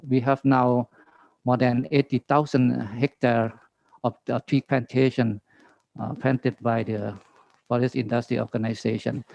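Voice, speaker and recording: A man with a Thai accent giving a halting conference presentation on forestry, pausing often and asking for the next slide. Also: mid-range voice, vocal fry, mellow, no room sound, dull audio. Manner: halting, many fillers, reading slides. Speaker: government forestry official presenting.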